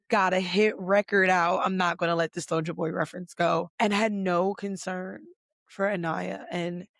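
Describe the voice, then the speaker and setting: Gravelly, blunt, profane podcast host. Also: medium pitch, dry recording, clean studio sound. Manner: blunt, profane, emphatic ranting; filler-heavy with many "like"s. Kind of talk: casual pop culture recap.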